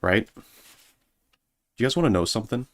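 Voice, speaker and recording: A man's voice: lowish voice, expressive, brisk. A man streaming as a VTuber, rambling sarcastically in a casual monologue and mocking people in put-on voices.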